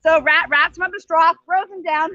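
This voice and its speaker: A woman telling a folk tale aloud at a gathering, with animated, playful narration. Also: extremely high pitch, moderate pace, dry recording. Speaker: storyteller at court. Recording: dull lo-fi stream audio.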